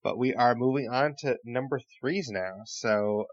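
A man's voice: mid-range voice, a little slow, no echo, highs cut off. A man hosting a casual gaming podcast, steering the panel and calling on each guest in turn. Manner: steers the discussion, calls on panelists. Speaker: podcast host.

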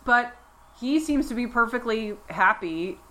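A woman's voice: on the high side, animated, measured pace, sharp tone. A woman co-hosting a podcast, chatting casually in a rambling way full of restarts and asides. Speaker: podcast co-host. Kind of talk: casual chat.

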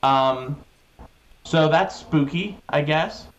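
A man's voice: on the high side, takes it slowly. Rambling joking man, lo-fi mic. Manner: rambling, joking, lots of fillers. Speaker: podcast host, guest. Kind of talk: casual podcast chat.

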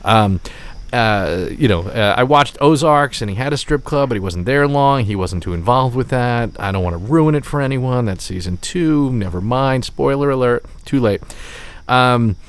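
A man co-hosting a podcast, talking casually with quick asides, swearing and self-corrections. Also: medium pitch, lively intonation. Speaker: podcast co-host. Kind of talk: casual chat.

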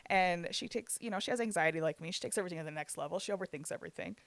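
A man's voice: sits high, very fast, vocal fry, a bit bright, no echo. A man in his twenties telling a heated story in casual chat, swearing freely and laughing between lines. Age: 20s.

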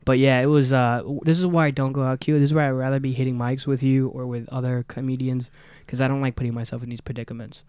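A man co-hosting a casual podcast, telling a profane story and acting out the people in it with loud quotes. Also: medium pitch, level tone, fast talker, few pauses, clear, resonant tone, no echo. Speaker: podcast co-host. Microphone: studio mic in apartment.

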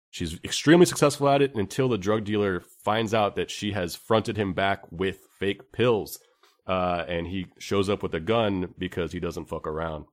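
A man co-hosting a podcast, casually recapping a movie plot in a relaxed, rambling way. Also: low voice. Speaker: podcast co-host.

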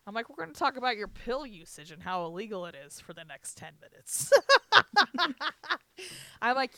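A woman in her twenties co-hosting a podcast, telling a story in a heated, profane way with loud bursts of emphasis. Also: a little high, very animated, moderate pace, pauses often, no room sound. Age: 20s. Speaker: podcast co-host. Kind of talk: casual chat.

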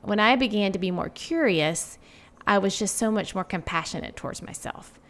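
A woman's voice: mid-range voice, expressive, moderate pace. A woman in her forties, a guest author, talking reflectively in a casual interview with many filler words.

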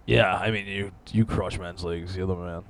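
A man's voice: low voice, fairly even intonation, normal speed, a little hiss or hum. A man hosting a podcast in casual banter, joking and swearing freely. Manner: profane, joking. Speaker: podcast host.

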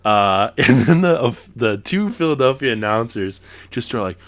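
A young man co-hosts a podcast, rambling casually about basketball, laughing and correcting himself along the way. His mid-range voice is animated and a bit bright, at a moderate pace.

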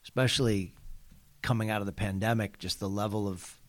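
A man's voice: fairly low pitch, steady tone, a little fast. A man hosting an interview podcast, speaking thoughtfully and hesitantly, searching for words as he reflects. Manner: thoughtful, hesitant, many fillers and restarts. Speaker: host, school superintendent.

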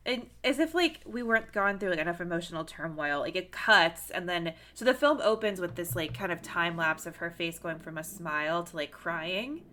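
A woman's voice: fairly low pitch, expressive, normal speed, few pauses, bright, forceful tone. A woman animatedly retelling a film's scenes in casual conversation, acting out the characters' lines. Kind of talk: casual film discussion.

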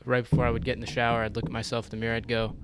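A man's voice: medium pitch, completely flat delivery, rapid-fire, heavy background noise. A young man co-hosting a casual podcast, teasing and goofy as he chats with friends. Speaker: podcast co-host. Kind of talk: casual joking chat.

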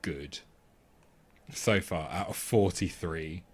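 Lower-voiced rambling man on a podcast. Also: slow pace, husky. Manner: rambling, restarts a lot and keeps asking "do you know what I mean"; laughs often while talking. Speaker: podcast co-host. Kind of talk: casual film review chat.

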